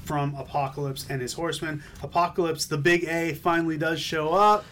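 A man's voice: fairly high pitch, fairly even intonation, a little fast, fairly bright tone, a little hiss or hum. A man co-hosting a podcast, casually reading comic credits and recapping issues with jokes. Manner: joking, reads credits then recaps. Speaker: podcast co-host. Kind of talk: casual comic book review chat.

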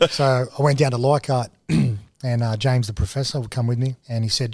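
A man with an Australian accent, a guest telling lively stories in a casual podcast interview and acting out other people's lines. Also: medium pitch, normal speed, no echo, studio quality. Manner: animated storyteller, mimics others in dialogue.

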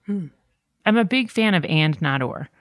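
Candid low-voiced woman, dry sound. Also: normal speed, dry recording. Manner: candid, animated storytelling with quoted voices. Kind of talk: conversational podcast talk.

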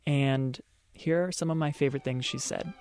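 A man's voice: mid-range voice, steady tone, moderate pace, darkish tone, soft background music. A man from Baltimore co-hosting a casual podcast chat, emphatic and self-deprecating. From Baltimore, USA. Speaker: podcast co-host.

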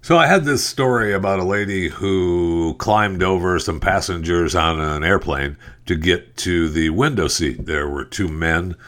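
Deep-voiced rambling sarcastic man. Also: unhurried, few pauses, fairly bright tone, faint music behind. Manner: rambling, sarcastic, many fillers. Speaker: podcast host. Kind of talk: casual news commentary.

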